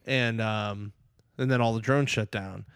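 A man chatting casually, recapping a movie in an excited, rambling way and acting out the characters' lines. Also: on the low side, a little slow, clear, resonant tone, dry recording, clean studio sound. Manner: excited, rambling, acts out quotes.

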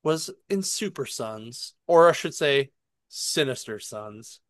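A man's voice: medium pitch, expressive, takes it slowly, dry recording, clean studio sound. A man casually recapping and reviewing a comic book on a podcast, rambling with fillers and laughing often.

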